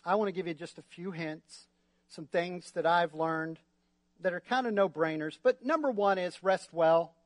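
High-voiced pastor with a joking, lively sermon. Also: male voice, moderate pace, dry recording. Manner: lively, joking, asks the crowd for responses. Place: church.

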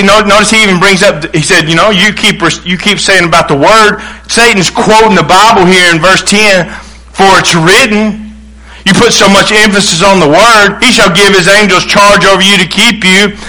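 A man preaching with a high, bright voice. He drives his points hard and slips into the voices of the people he quotes. His sermon rolls on at a quick pace. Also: rough recording. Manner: emphatic preaching, acts out quoted voices, restarts. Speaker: pastor.

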